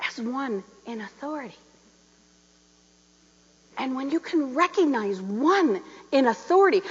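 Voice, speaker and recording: A middle-aged woman minister giving a sermon, telling stories and acting out the voices of the people in them. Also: sits high. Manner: animated, laughing, acting out quoted voices. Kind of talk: sermon with storytelling. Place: church sanctuary. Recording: dull reverberant hall recording.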